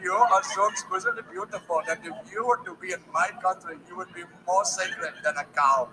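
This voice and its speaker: A man's voice: high voice, fairly quick, very noisy, lightly acted. A man putting on an Indian accent as an overly formal, flowery man flirting with a woman.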